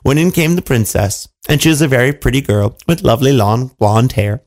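A man telling a fairy tale to children in an animated, playful way, with asides to his listeners. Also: mid-range voice, brisk. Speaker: storyteller. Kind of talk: children's storytelling.

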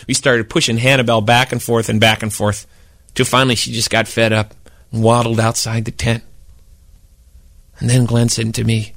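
A man storyteller narrating in a relaxed, conversational way. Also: mid-range voice, moderate pace, long pauses, dry recording, studio quality. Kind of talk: spoken storytelling performance.

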